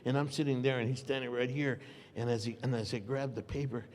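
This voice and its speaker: An older man telling an animated anecdote on a convention panel, acting out dialogue and laughing often. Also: medium pitch, fast talker. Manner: acts out dialogue with shifting voices, laughs often. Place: large convention hall. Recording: long hall reverb.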